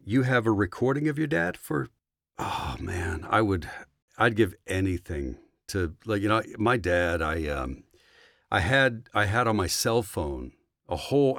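A man who narrates audiobooks, chatting casually as a podcast guest in an animated, talkative way. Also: on the low side, vocal fry, no room sound, clean studio sound. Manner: animated, chatty, warm reminiscing. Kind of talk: casual interview chat.

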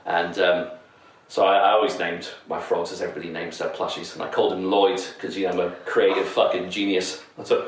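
A man's voice: sits low, little pitch movement, brisk, hardly any pauses. A man telling a story in casual chat, rambling, laughing and swearing freely. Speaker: podcast co-host. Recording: echoey room, distant mic.

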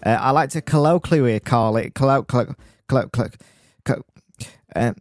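A man's voice: mid-range voice, normal speed, no echo, clean studio sound. Man stammering through a mock advert. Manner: playful, teasing, stammering. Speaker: podcast co-host.

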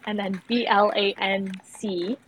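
A woman's voice: medium pitch, slow pace, a little hiss or hum, rough recording. A woman in her thirties telling a host about family trips in a rambling, casual way, with lots of fillers. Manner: rambling storyteller, many "like" and "um" fillers, animated when quoting people. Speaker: guest. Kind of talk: casual chat.

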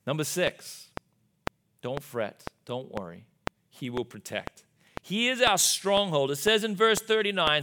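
A man's voice: on the high side, sing-song, measured pace, pushed and bright. Emphatic male pastor preaching live in church. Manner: emphatic, with rhetorical asides. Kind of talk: sermon. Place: church sanctuary. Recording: live church recording with background noise.

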